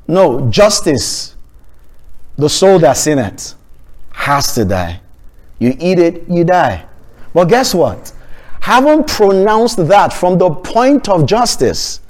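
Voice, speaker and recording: Male pastor, fairly high voice; emphatic, repetitive sermon delivery with restarts. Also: very animated, slow pace, darkish tone.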